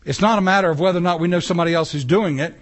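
A man delivers a sermon from the pulpit. His voice sits high for a man, and he keeps things animated with rhetorical questions and offhand remarks to the congregation. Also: rapid-fire. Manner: animated preaching with casual asides and rhetorical questions. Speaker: pastor. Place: church sanctuary.

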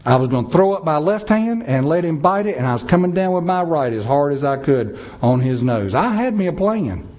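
A man's voice: on the high side, expressive, fairly quick, few pauses, a little mellow. A man preaching a sermon, telling a story with dramatic swings of pace and emphasis. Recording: dull lo-fi sound.

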